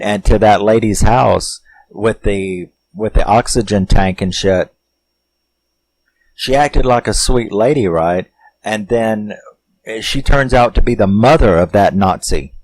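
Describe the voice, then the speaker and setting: A man with a lowish voice talks through a horror movie at an unhurried, drawn-out pace. His review is loose and rambling, peppered with curses and filler words, and he chuckles along as he goes. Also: a little mellow, low-quality recording. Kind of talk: casual film review monologue.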